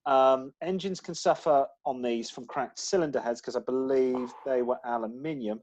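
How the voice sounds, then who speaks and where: A man's voice: mid-range voice, fairly even intonation, moderate pace, a little mellow. A man co-hosting a casual podcast, talking in a chatty, rambling way with frequent restarts. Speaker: podcast co-host. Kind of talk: casual chat.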